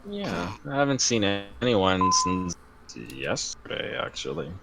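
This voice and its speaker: A man playing in a tabletop game, speaking slowly and casually. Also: low voice, sing-song, heavy background noise. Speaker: player. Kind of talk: tabletop role-play.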